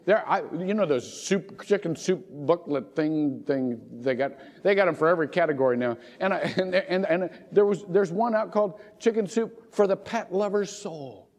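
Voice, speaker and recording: A man's voice: high-pitched, moderate pace, few pauses, darkish tone. A middle-aged man preaching a sermon as pastor, telling stories with laughter and tearful asides. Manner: emotional, laughing and digressive storytelling. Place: church sanctuary. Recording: muffled church recording with long reverb.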